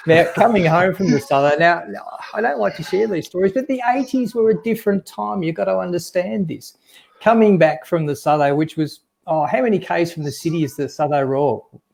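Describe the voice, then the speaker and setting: A man's voice: high-pitched, normal speed, gravelly. A man, the guest in a casual chat, telling chatty anecdotes full of dry asides.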